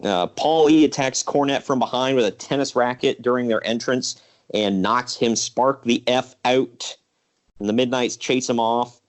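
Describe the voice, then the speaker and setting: A man co-hosting a podcast, casually recapping old wrestling shows in a rambling, relaxed way with fillers. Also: medium pitch, normal speed. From Ohio. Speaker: podcast co-host.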